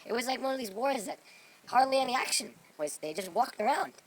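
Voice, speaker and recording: A man's voice: very high-pitched, animated, fairly quick, distant mic, a crowd in the background, poor audio. A man playing a boastful self-made Mexican strongman. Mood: storytelling. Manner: rambling, boastful, lecturing. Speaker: vlogger in character. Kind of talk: improvised comedy monologue. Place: outdoors among trees.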